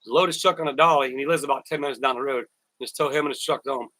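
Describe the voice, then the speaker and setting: A man's voice: mid-range voice, fast talker, sharp tone, no room sound, low-quality recording. A man hosting a casual live stream, rambling, repeating words and thanking viewers by name. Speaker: YouTuber live-stream host.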